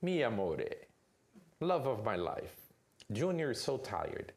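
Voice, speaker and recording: A man's voice: mid-range voice, big pitch swings, takes it slowly, creaky, a little mellow, a little hiss or hum, exaggerated voice. A man voicing a tired father who coaxes his wife and his son in a weary tone. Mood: coaxing. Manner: coaxing, weary. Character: tired, hungry father coming home.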